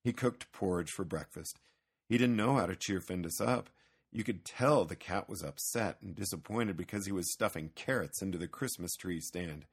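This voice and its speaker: A man narrating a children's storybook reading in a gentle, unhurried way. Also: low-pitched, slightly rough.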